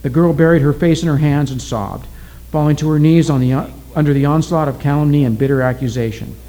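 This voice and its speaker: A man narrating a story aloud in a steady, deliberate reading style. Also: on the high side, low-quality recording.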